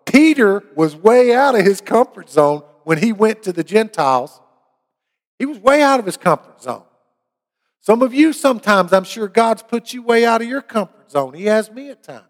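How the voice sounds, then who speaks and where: A man's voice: high voice, long reverb tail. A middle-aged man preaching a sermon, telling a personal story in an earnest way and rising to emphatic preaching. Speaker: pastor.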